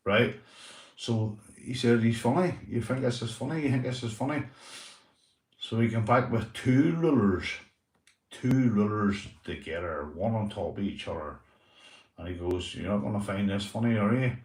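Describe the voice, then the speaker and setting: Northern irish man, livestream host, lowish voice, swears a lot, roomy echo. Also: distant mic. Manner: swears a lot, repeats "right?" and "mate". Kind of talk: casual livestream storytelling.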